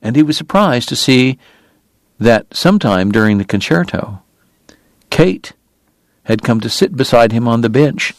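A man reading a novel aloud as a measured, dramatic audiobook narrator. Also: medium pitch, lively intonation, dry recording, clean studio sound. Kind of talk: scripted narration.

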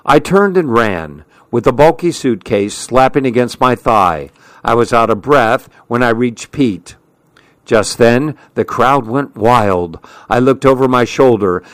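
A man narrates a story in an unhurried, measured way. His voice sits at a middle pitch, and the recording is dry and close. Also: dry recording. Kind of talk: audiobook narration.

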